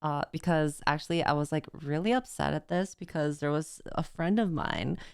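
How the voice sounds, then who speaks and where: A woman streamer reacts to a story, speaking bluntly and swearing freely. Her voice sits a little low and sounds smooth and clear. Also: moderate pace, a little mellow, no echo, clean studio sound. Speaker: VTuber streamer. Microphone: phone face tracking, desk mic.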